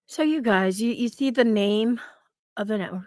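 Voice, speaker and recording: A woman's voice: a little high, expressive, moderate pace, darkish tone, no room sound, clean studio sound. A woman hosting a casual livestream, chatting, swearing freely and greeting viewers from the chat. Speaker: livestream host.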